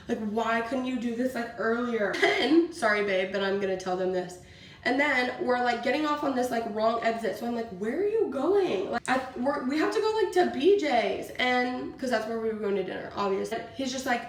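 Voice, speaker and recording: A young woman vlogging casually while doing her makeup, telling a story in a chatty way and saying "like" a lot. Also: on the high side. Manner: chatty storytelling, fills with "like" constantly. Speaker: beauty vlogger. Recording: roomy, from a distance, faint hiss.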